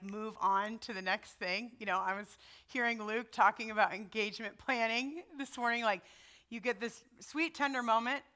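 A woman's voice: a little high, pushed and bright. A middle-aged woman giving a sermon in a personal, conversational way, often checking in with her listeners. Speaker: preacher.

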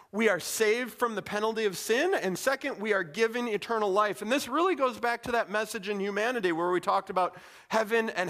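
A man with a notably high-pitched voice delivers a sermon. He talks like he's chatting with the congregation, animated and casual, tossing in little asides. He sounds middle-aged. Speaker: pastor.

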